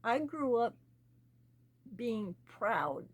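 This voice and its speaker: Slow, earnest woman pleading. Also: a little high, big pitch swings. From United States. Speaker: channel host. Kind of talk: personal spoken commentary.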